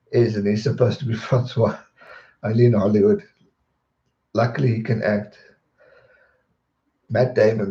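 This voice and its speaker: A young man, chatting casually on a live stream and answering viewer questions in a rambling, relaxed way. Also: fairly low pitch. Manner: relaxed, rambling, repeats words when distracted. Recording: dull roomy home stream audio.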